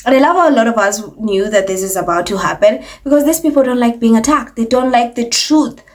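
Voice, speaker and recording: A woman's voice: a little high, fairly quick. A woman hosting an opinionated commentary vlog, talking in a sarcastic, mocking way and putting on voices to imitate people. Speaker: commentary channel host.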